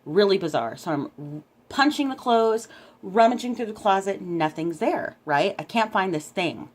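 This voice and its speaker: A woman telling a story to her camera in a casual, animated way, often checking in with "right?". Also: mid-range voice, normal speed. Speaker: vlogger recounting a dream.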